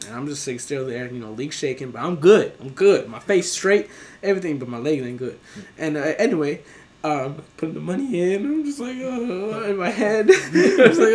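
Laughing young man with lively pitch. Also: moderate pace. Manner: laughs often, loose and profane, rambling with fillers. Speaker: podcast co-host telling a work story. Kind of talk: casual storytelling chat.

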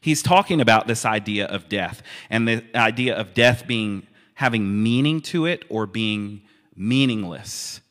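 A man preaching a sermon in a relaxed, conversational way, with amused asides. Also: lowish voice, unhurried. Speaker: pastor. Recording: long reverb of a hall.

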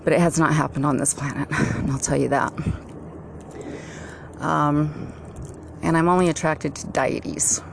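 A woman vlogs at home in a slow, wandering monologue, stretching her words and filling the gaps with ums. Her voice sits fairly low for a woman. Clear background noise runs under everything she says. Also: fairly even intonation. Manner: slow, drawn-out and meandering, with many fillers. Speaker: vlogger. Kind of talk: rambling casual monologue. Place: at home, walking into her garage with dogs barking nearby.

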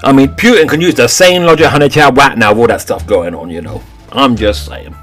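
A man's voice: mid-range voice, a little fast, a bit bright, soft background music, lightly acted. A man voicing a sassy female TV court judge in a comedic audio drama. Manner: sassy, calls everyone honey child.

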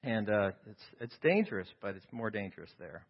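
A man's voice: lowish voice, very animated, a little fast. A middle-aged man, a professor, telling rambling humorous stories to a group in a casual way and acting out bits of dialogue. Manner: rambling, self-deprecating humor, acts out dialogue. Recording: slightly dull lo-fi sound.

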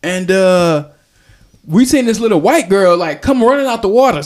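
A man's voice: sits high, expressive, moderate pace. A young man, telling a rambling, jokey story as a podcast host. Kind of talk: casual storytelling chat.

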